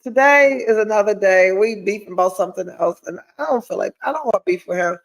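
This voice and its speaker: A woman's voice: medium pitch, fast talker, vocal fry, poor audio. A woman, hosting a podcast and telling a candid personal story with blunt, profane energy, her nose audibly stuffy. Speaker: podcast host. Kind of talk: candid solo livestream chat.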